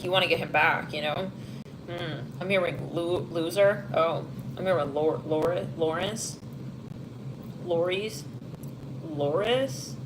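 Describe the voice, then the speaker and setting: A woman's voice: mid-range voice, background noise. A woman giving a casual psychic reading to camera, rambling and frank, full of fillers and asides. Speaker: tarot reader. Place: London, England.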